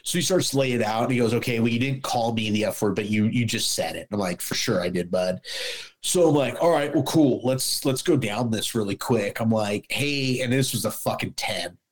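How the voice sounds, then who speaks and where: A middle-aged former police officer, appearing as a guest, chats loosely and casually on a podcast, blunt and swearing freely. He acts out back-and-forth dialogue, voicing the other people in his stories. His voice is fairly low and a little fast, and the recording quality is low.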